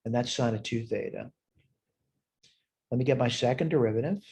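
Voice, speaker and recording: A man's voice: mid-range voice, normal speed, a little mellow. Man talking through calculus problems. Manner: thinks aloud, working problems step by step with fillers. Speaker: math instructor. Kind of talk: recorded math lesson walkthrough. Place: at a whiteboard, screen sharing.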